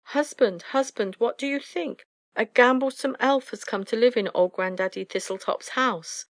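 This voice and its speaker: A woman voicing a fussy, anxious mother owl who scolds in a high, shrill voice. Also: expressive, unhurried, dry recording. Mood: frightened.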